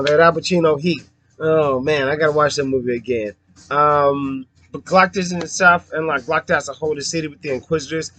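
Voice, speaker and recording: Hyped young dude rambling about a book, kinda high voice, dry close sound. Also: male voice, no room sound. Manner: excitable, swears freely, lots of fillers and hype. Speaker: book reviewer. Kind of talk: casual book review monologue.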